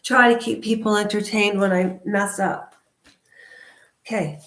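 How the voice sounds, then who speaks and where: A woman vlogger ranting loudly and outspokenly in a casual talk to camera. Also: medium pitch, steady tone, measured pace, roomy sound. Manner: loud and outspoken. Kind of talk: casual opinion rant to camera.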